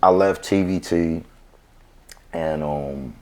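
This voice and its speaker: A very deep-voiced man from New York talks slowly through his story as an interview guest. It's a casual conversation, and he uses laid-back street slang, often asking "right?".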